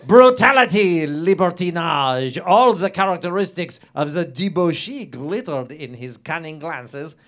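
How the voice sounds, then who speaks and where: In an improvised comedy podcast bit, a man voices a pompous, lecherous French nobleman, using a fake French accent and florid, lip-smacking broken English. His delivery is expressive and unhurried, with few pauses and a fairly bright tone, like a dramatic reading. He performs it theatrically aloud and jumps to a high, pleading voice whenever the victim speaks.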